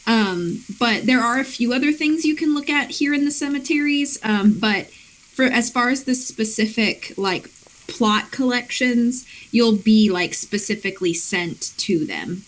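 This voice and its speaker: A woman's voice: fairly high pitch, unhurried, rough recording. A woman co-hosting a gaming stream, chatting in a giggly, rambling way and explaining the game. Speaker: co-host guiding the game. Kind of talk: casual gaming chat.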